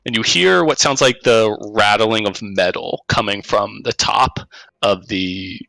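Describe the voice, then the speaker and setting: A man running a tabletop game as game master, narrating at an unhurried pace with frequent hesitations. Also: lowish voice, creaky, bright, forceful tone, no echo, low-quality recording.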